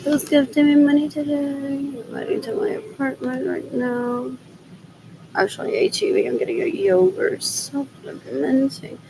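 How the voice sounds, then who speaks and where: A woman's voice: sits high, fairly even intonation, unhurried, gravelly, background noise. A woman from Rico, rambling through a personal vlog while out running errands. She switches between English and Spanish and keeps repeating herself. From Puerto Rico. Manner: rambling, mixes English and Spanish, repeats "what else" over and over. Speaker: vlogger.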